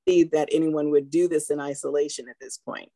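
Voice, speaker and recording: A woman doctor on a talk show panel, speaking in a measured, thoughtful way. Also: low voice, level tone, dark tone, dry recording, rough recording.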